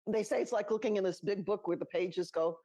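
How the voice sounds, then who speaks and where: A woman's voice: medium pitch, brisk, warm tone, no echo. A middle-aged woman co-hosting a podcast, telling personal stories in a chatty way, laughing as she goes and acting out the voices she quotes. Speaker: podcast co-host. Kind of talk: casual storytelling chat.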